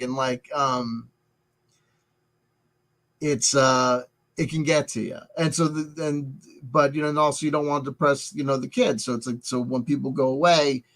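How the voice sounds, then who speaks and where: A middle-aged man talking through a personal confession in a halting, rambling way, full of restarts and filler words, wearing headphones. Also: medium pitch, fairly even intonation, a bit bright, low-quality recording. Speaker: vlogger. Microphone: headset headphones.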